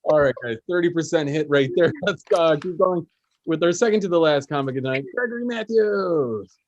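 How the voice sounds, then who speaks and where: A man's voice: a little high, brisk. Man emceeing a comedy night. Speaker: comedy show host. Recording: dull lo-fi sound.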